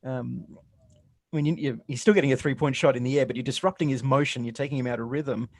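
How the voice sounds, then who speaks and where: A man giving casual color commentary on a basketball game with a gravelly, creaky edge to his voice. He talks through each play in a relaxed, explanatory way. The sound is dry and close-miked. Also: mid-range voice, fast talker, no echo.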